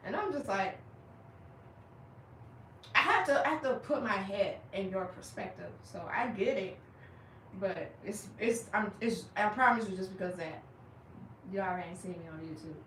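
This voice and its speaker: A young woman chatting casually with viewers on her livestream, animated and laughing as she acts out their reactions. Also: mid-range voice, a little slow, pauses often, echoey room, recorded from a distance, slight background noise, low-quality recording. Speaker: livestream host.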